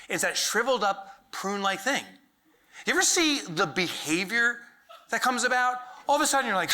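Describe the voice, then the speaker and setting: A man giving a comedic keynote talk to a live audience, acting out little voices and shouting punchlines. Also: high-pitched, a little fast. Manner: animated, acts out silly voices, shouts punchlines. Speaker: keynote speaker. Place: large event hall with live audience.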